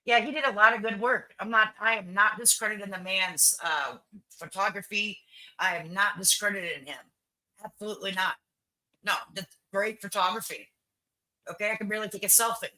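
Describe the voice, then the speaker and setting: A woman's voice: mid-range voice, fairly quick, pushed and bright, low-quality recording. An older woman hosting a livestream, chatting bluntly and opinionated, repeating herself and swearing freely. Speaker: livestream host. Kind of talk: casual chat with viewers.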